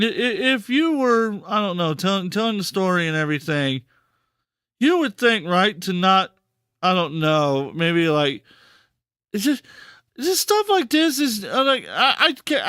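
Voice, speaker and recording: A man's voice: high-pitched, very animated, normal speed, sharp tone, clear, resonant tone, no room sound, studio quality. A man hosting a live stream, talking casually and repeating himself in disbelief, stammering for words. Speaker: podcast host and streamer.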